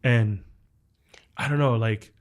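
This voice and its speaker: Speaking slowly in a mid-range voice, this US podcast host shares an emotional family story with his guest. His heartfelt, earnest delivery is full of "like" fillers, and he addresses the guest directly and warmly.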